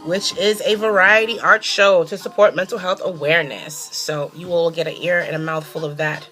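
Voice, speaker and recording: A young adult woman from New York hosting her own casual talk show, animated and sassy, cursing freely and laughing often. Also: fairly low pitch, moderate pace. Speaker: host.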